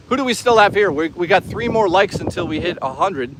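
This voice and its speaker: A man's voice: high voice, lively intonation, normal speed, fairly bright tone, slight background noise. A man live-streaming outdoors, chatting casually, swearing freely and reading out chat. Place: outdoors on an urban trail.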